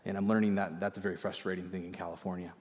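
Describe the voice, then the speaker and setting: A man preaching a sermon as pastor. He swings from loud emphasis to hushed near-whispers and repeats key lines. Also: sits low, flat delivery, very fast, in a large hall.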